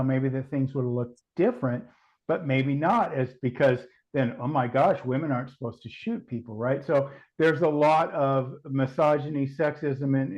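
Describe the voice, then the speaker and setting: A man's voice: medium pitch, a little mellow, muffled recording. A man talking as a podcast guest, thoughtful and full of restarts and hedges. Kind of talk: casual podcast chat.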